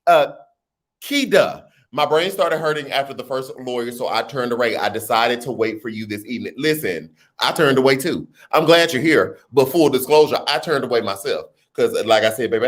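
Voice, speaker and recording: A man's voice: medium pitch, normal speed. A man hosting a casual livestream, reading viewer comments aloud and riffing on them with laughter and slang. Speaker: livestream host.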